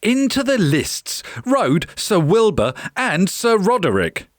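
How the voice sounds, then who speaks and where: Lady reading a kids book out loud, super animated, slow, dry close sound. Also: medium pitch, no echo. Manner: expressive, storytelling. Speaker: children's book reader. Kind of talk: reading a picture book aloud.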